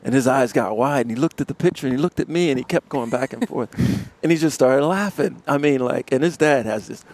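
A man, a musician guest in a live radio interview, telling animated stories and laughing often. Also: medium pitch, a little fast, creaky. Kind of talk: casual storytelling interview. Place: outdoors in front of a music studio complex.

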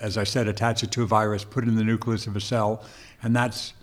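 A man's voice: fairly low pitch, level tone, fast talker. A man from Long Island co-hosting a casual chat, explaining things at length and often reaching for metaphors. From Long Island, New York. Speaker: co-host.

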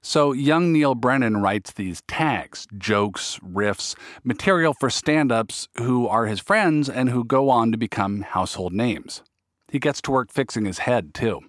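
A man with a Midwestern American accent who asks calm, curious interview questions and narrates between them. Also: mid-range voice, measured pace, no room sound, studio quality.

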